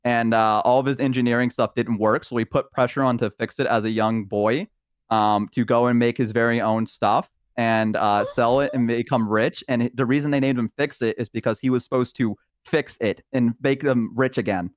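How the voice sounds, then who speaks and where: Heard first is a man rambling through a long story on a stream call, with lots of ums and uhs. His pitch sits at an ordinary middle height. The sound is dry and close, with no room around it. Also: fairly even intonation, moderate pace, no echo. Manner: rambling storyteller with many fillers, acts out voices. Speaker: guest on a stream. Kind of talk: casual chat, retelling a roleplay character.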